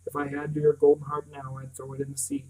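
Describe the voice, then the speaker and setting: A man's voice: on the high side, completely flat delivery, fast talker, dark tone, recorded from a distance, lightly acted, poor audio. A man reading the lines of an angry young boy in grief, bitterly telling someone to go away, in an audiobook reading. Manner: bitter, pleading to be left alone.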